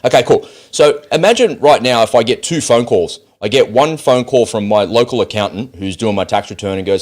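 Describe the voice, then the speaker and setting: A man's voice: medium pitch, brisk, hardly any pauses, a little mellow. A man with an Australian accent giving blunt, sarcastic, profane commentary on a video clip. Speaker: political commentator.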